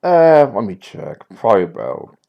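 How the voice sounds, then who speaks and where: A man's voice: fairly low pitch, huge pitch swings, normal speed, creaky, muffled recording. Casual guy running a tabletop game, laughs easy, voice swings a lot. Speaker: game master.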